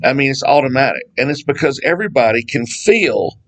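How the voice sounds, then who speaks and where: Middle aged guy doing a chatty bible study, mid pitch voice, rambles and laughs at his own jokes. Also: sing-song, brisk, a bit bright, low-quality recording. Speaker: Bible teacher. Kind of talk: casual Bible study talk.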